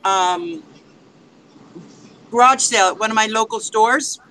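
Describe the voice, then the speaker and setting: A woman's voice: a little high, unhurried, sharp tone, a little hiss or hum, poor audio. A woman in casual chat on a video call, telling a story and showing off her craft finds. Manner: chatty storyteller.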